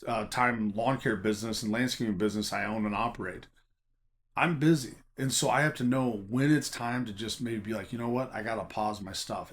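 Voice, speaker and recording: A man talking casually to camera about collecting and selling trading cards, emphatic and chatty, often checking in with "okay?". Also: mid-range voice. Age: adult teaching a college class. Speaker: Pokémon card collector and seller.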